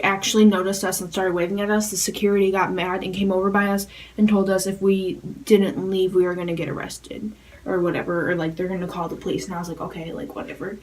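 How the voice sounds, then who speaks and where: Fast-rambling teenage girl, slightly off-mic. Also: mid-range voice, darkish tone, far from the mic, poor audio. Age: teens. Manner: rapid rambling with constant "like" fillers. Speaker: fan vlogger. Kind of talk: casual storytelling to camera.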